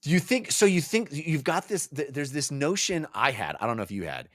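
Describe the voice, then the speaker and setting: A man's voice: a little high, sing-song, a bit bright, dry recording. Enthusiastic man with a dry voice. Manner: enthusiastic, halting with fillers. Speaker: podcast co-host. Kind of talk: casual book-club chat.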